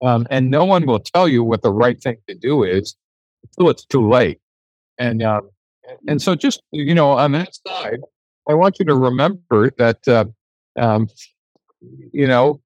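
An older man telling a story as an interview guest, animated and acting out the dialogue in his anecdotes. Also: medium pitch, unhurried, dry recording, lo-fi sound.

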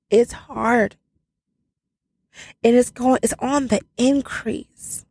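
A woman's voice: medium pitch, a little mellow, no echo, clean studio sound. A woman giving an emotional, earnest sermon, calling her listeners family, her voice cracking at times. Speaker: preacher.

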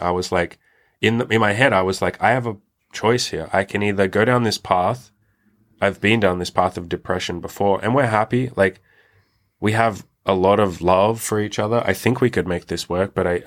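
Young male podcast host, very low voice, candid and reflective, casual swearing. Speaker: podcast host telling his own story. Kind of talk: candid personal storytelling.

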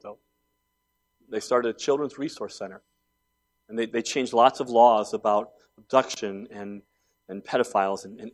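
A man in his forties preaching a sermon, telling stories conversationally and building to emphatic points. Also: medium pitch. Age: 40s. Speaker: pastor.

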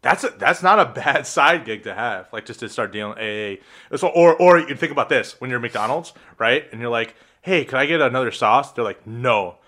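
Bright-voiced young man in casual banter. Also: medium pitch, lively intonation, a little fast. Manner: laughs often, loose rambling banter. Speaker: podcast co-host. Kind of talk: casual chat.

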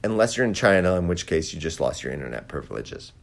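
Man, low register, very animated delivery; sarcastic commentator doing a satirical monologue with dry asides. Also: fast talker, creaky.

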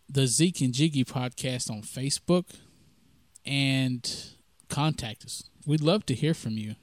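Southern male podcast host, folksy rambling storyteller, mid-pitched voice, dry close mic. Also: no echo. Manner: folksy, rambling, with many fillers. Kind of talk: casual storytelling monologue.

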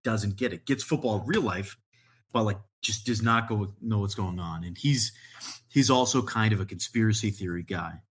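Husky low-voiced man telling rambling stories. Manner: rambling storyteller, heavy on "like", laughs often. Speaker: podcast guest. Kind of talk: casual chat.

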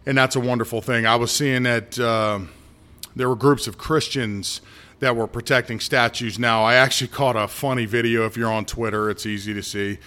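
Middle-aged podcast host, man, smooth resonant voice, blunt, rambling asides. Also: mid-range voice, steady tone, normal speed, bright, forceful tone. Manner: blunt, ranting, talks in asides and restarts. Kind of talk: casual solo political podcast.

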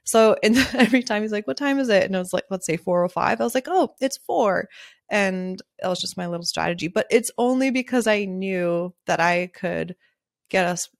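A chatty woman hosts her own podcast, speaking candidly at an ordinary middle pitch and laughing often between thoughts. She talks freely and loosely, swearing here and there. Her voice sits close to the mic in a dry, deadened space. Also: fairly quick, creaky, dry recording. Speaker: podcast host and wedding photographer. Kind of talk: casual solo podcast monologue.

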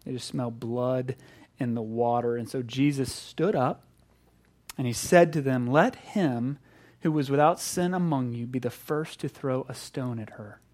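A middle-aged man preaching a sermon, animated, acting out voices and swinging between loud emphasis and hushed moments. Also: mid-range voice, unhurried. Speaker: pastor.

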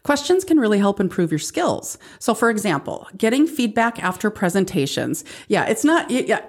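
A woman co-hosting a chatty podcast, with a husky, slightly breathy voice. Her pitch swings widely as she tells stories with lots of laughter. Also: normal speed. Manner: animated storyteller; laughs often. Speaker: podcast co-host. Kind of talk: casual chat.

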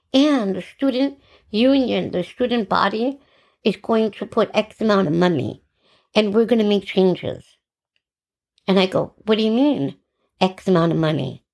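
A middle-aged woman hosting a podcast, telling her own story in an animated, sarcastic way and acting out the dialogue. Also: medium pitch, gravelly. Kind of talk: personal storytelling monologue.

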